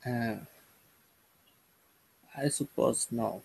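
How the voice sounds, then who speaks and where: A young man with a Russian accent, a language student chatting in a lesson, halting with many restarts and repeated words. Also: medium pitch, fairly even intonation, gravelly, darkish tone, breathy edge, poor audio. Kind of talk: casual conversation lesson.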